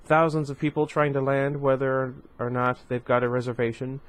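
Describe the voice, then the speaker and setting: A man's voice: medium pitch, completely flat delivery, moderate pace, lightly acted. A man reading the lines of a stern, contemptuous father in a storybook.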